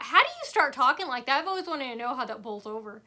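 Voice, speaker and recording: A woman's voice: sits high, expressive, fast, sharp tone. A woman telling a rambling personal story to camera, sarcastic and full of fillers and asides. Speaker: vlogger.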